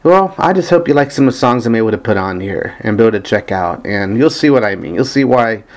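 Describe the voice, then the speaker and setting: A vlogger with a fairly low voice talks quickly and casually about a band he loves, his intonation lively. He is an earnest, enthusiastic fan but hesitant, with many ums and restarts as he searches for songs and reads lyrics aloud in rambling fashion.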